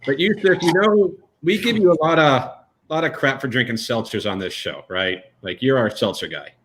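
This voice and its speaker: A man's voice: mid-range voice, animated, normal speed, a bit bright. Dry teasing male co-host. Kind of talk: casual live-stream chat.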